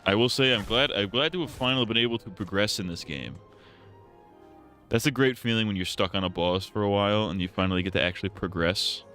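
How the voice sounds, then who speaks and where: Man, streamer, casual rambling game commentary, low voice, faint music behind. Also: quick pace, sharp tone.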